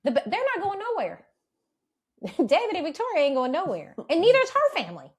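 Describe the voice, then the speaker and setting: A woman's voice: very high-pitched, huge pitch swings, brisk. A woman in her thirties co-hosting a podcast, chatting casually, laughing often and swearing freely. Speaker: podcast co-host. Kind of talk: casual chat.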